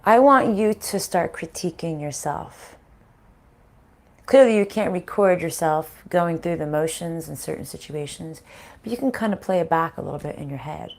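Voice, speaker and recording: A middle-aged woman giving a casual spiritual reading, frank and animated, swearing freely and laughing often. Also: sits low, moderate pace, creaky. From Italian-American family. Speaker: spiritual reader and channel host.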